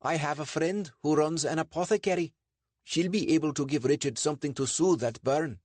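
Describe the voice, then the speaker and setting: A man voicing an excitable local helper in an adventure audiobook, speaking with urgent warnings. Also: a little high, a little fast, no room sound, voice pushed up, natural voice.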